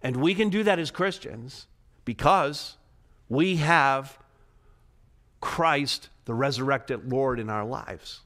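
A man preaching a sermon to a congregation, moving between quiet, low passages and rising, urgent emphasis. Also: slow. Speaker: pastor. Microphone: preaching to a live congregation, also streamed online.

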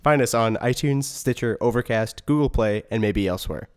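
A man's voice: medium pitch, moderate pace, clean tone. A man hosting a casual podcast, playfully reading out the show's credits and sign-off. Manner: playful, reads show credits. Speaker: podcast host.

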